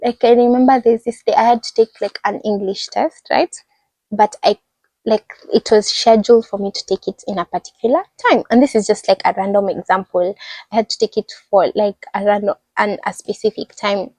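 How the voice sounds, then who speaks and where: A young woman with a Kenyan accent telling stories in a casual vlog, animated and acting out the people she describes. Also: medium pitch, a little fast, no echo, rough recording. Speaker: international student vlogger.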